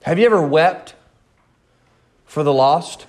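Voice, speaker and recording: A man's voice: on the high side, slow pace, darkish tone. A man preaching a sermon in an impassioned, pleading way, repeating words and building to outbursts.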